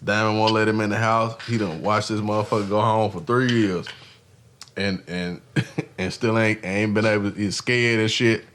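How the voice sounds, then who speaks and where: A man co-hosting a podcast in casual banter, telling stories with laughter and sudden loud shouts. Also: fairly low pitch, fairly even intonation, normal speed, a little hiss or hum. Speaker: podcast co-host.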